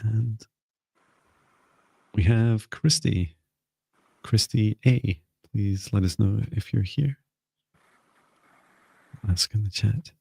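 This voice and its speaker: A man hosts a live-stream psychic reading session in an easygoing, chatty way. His voice has a gravelly, husky grain and a mellow, dark tone. The sound is dry and close. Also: fairly low pitch, slow pace, long pauses, no echo. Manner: relaxed, chatty, light-hearted. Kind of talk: casual live-stream chat.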